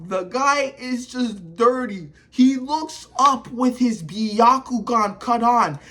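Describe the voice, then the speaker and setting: A reviewer talking through a manga chapter casually, in slangy, excitable and profane speech. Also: mid-range voice.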